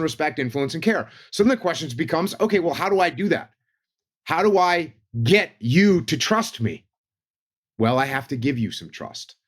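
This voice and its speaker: A man talking on a podcast panel in a casual, teaching way, driving his points home by repeating them as lists. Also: a little high.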